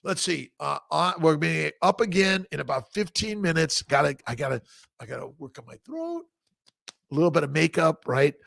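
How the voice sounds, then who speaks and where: A middle-aged man hosting a casual live-stream chat as a fertility doctor, excitable and repetitive, swearing now and then and tagging lines with "right?". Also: a little high, brisk, gravelly. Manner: excitable, repetitive, salty language, frequent "right?".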